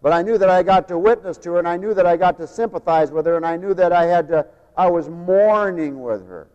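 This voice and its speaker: A man preaching a sermon, turning emphatic on key phrases and dropping quieter for personal stories. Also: sits high, brisk. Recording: dull lo-fi tape in a long-echo hall.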